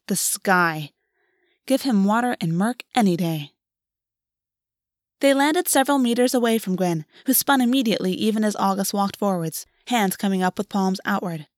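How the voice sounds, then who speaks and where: A woman's voice: medium pitch, no echo. Woman reading fiction aloud, dry sound. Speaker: audiobook narrator.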